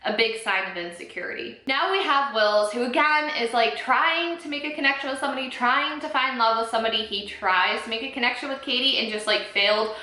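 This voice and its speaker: A woman's voice: a little high, fairly quick, few pauses, pushed and bright. A woman in her twenties chatting casually to camera, opinionated and full of fillers. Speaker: beauty vlogger recapping a reality show. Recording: echoey room.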